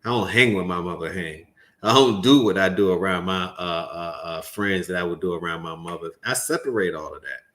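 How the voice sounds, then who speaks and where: A man hosting a commentary show reacts to a clip and lectures viewers in an animated, preachy way. English is not his first language. His voice sits low and runs a little fast.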